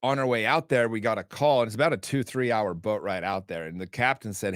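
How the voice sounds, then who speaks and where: A man's voice: on the low side, fairly quick, dry recording, clean studio sound. A man who is a podcast guest, telling a story in a casual, emphatic way, swearing freely and acting out dialogue. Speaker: podcast guest, author and men's group founder. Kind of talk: animated storytelling in conversation.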